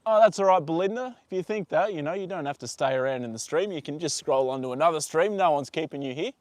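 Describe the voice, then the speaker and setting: A man's voice: fairly high pitch, expressive, fast, a little mellow, no room sound. A man hosting a casual live stream from outdoors with a horse, chatting easygoing and rambling as he reads out viewer comments, with lots of fillers. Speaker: livestream host. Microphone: phone on a tripod.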